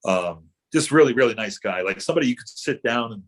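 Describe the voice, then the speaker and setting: A man's voice: medium pitch, expressive, fast talker. A middle-aged man, an actor guest, telling rambling anecdotes in casual chat with many fillers and restarts.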